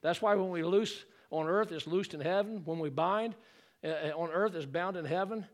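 A male pastor preaching a fervent sermon to his church. He calls for congregational responses and rises into shouted exclamations. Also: high-pitched, normal speed. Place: church sanctuary.

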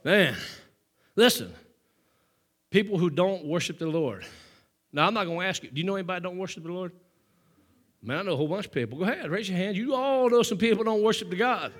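A male pastor preaching a sermon with call-and-response, swinging from hushed storytelling to loud exhortation, short of breath. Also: sits high, animated, fairly quick, long pauses, breathy edge.

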